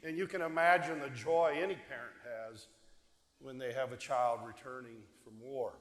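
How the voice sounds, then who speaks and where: A man's voice: medium pitch, moderate pace, fairly bright tone. Male deacon, conversational homily, asks the pews questions, long church reverb. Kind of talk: homily, storytelling. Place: church sanctuary. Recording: echoey church hall.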